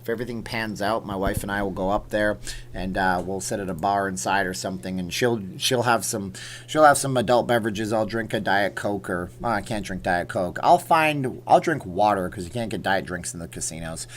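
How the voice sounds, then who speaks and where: A man's voice: lowish voice, fairly quick, a little hiss or hum. A man from Canada hosting a late-night livestream, chatting casually and reacting to viewer comments as he reads them. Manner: chatty, rambling, reacts aloud to chat comments. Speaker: livestream host. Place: home room with green screen.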